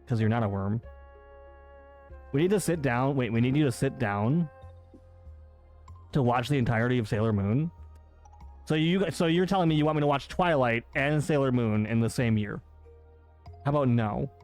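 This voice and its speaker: Streaming live with soft background music, a man chats casually with his viewers, reading their messages aloud and protesting their teasing in disbelief. He's teasing, incredulous, and quick to protest, with a mid-range, slightly mellow voice.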